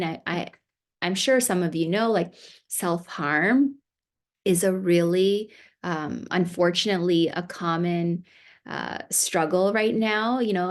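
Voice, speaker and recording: A woman family therapist giving a seminar talk to parents, conversational and coaching, with an American accent. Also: fairly low pitch. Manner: conversational, warm coaching with acted parent quotes.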